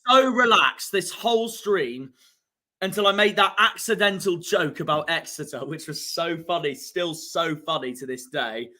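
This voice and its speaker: A young man, live-streaming a football watchalong, grumbling and fuming at the scores, dropping to mutters and rising to shouts. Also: on the high side, expressive, moderate pace. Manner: frustrated, ranting, swings between muttering and shouting.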